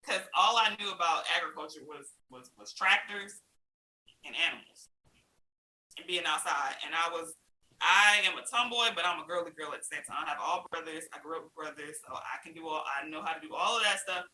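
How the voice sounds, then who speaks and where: A woman guest telling her story in a casual interview, animated, acting out other people's lines and laughing often. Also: low-pitched, fairly quick. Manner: laughs often while talking. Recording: roomy with faint hiss.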